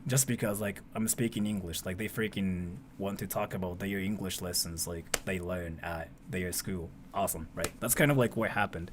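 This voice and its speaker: A man's voice: sits low, steady tone, normal speed, few pauses, a little hiss or hum. A young man from Japan, chatting casually on a livestream as he answers viewers' donation questions, in a rambling style full of "like" and "freaking".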